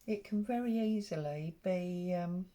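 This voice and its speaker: With a mellow, lowish voice and a slightly slow pace, a woman chats her way through an embroidery stitch-along. She's a rambling, chatty craft vlogger who says um often.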